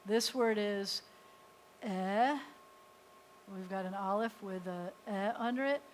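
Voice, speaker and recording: A woman's voice: medium pitch, slow pace, a little hiss or hum, poor audio. A woman rabbi teaching a beginners' Hebrew class, patiently explaining step by step and sounding out letters. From United States. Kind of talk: live class instruction. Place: synagogue classroom.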